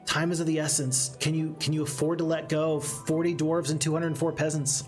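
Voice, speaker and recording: A man's voice: on the high side, flat delivery, moderate pace. A man giving casual, chatty let's-play commentary while streaming a strategy game and reading chat aloud. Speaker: gaming streamer. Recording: faint game music behind.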